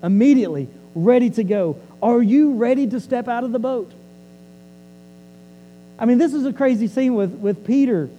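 A male preacher with a high but very mellow, warm voice. He tells his sermon like a story, chatty and loose. He often doubles back on his words as he goes. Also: lively intonation, moderate pace, big-room sound, muffled recording, a little hiss or hum. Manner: conversational, repeats and restarts words.

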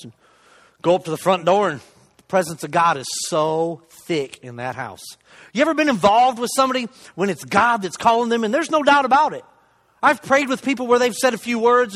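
A middle-aged man giving a sermon testimony from a church stage, conversational and self-deprecating, swinging between loud emphasis and hushed asides. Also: high-pitched, expressive, brisk. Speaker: lay preacher giving a testimony. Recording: long reverb of a church hall.

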